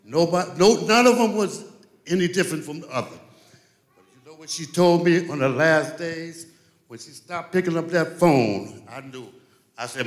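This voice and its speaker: Guy giving a rambling emotional eulogy, kinda high voice, big church echo. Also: animated, normal speed. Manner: rambling, heartfelt, repeats himself, apologetic. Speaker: family friend giving a eulogy. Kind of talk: emotional spoken tribute. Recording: echoey church sanctuary.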